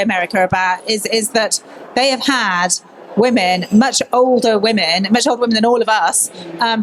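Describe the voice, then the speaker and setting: A woman's voice: a little high, slight background noise, rough recording. A woman news presenter from Birmingham, speaking candidly and telling stories in a conference panel discussion. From Birmingham, England. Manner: candid, animated storytelling.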